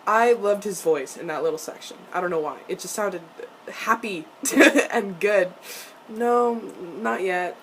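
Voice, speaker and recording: A young woman reacting to a TV episode in a casual vlog, animated and profane, with frequent laughs. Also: fairly low pitch, normal speed, a little hiss or hum. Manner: laughs often between lines.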